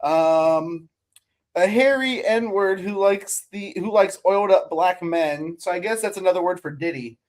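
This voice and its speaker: A man's voice: sits high, a little slow. A man hosting a casual comedy podcast, reading out definitions and reacting with flustered laughs. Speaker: podcast host.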